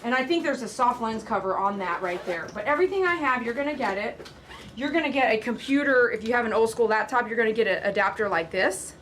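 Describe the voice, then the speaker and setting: A woman pet groomer hosting a casual livestream, talking loud and chattily to her viewers and pitching a sale. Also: quick pace, slight background noise. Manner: loud, talkative.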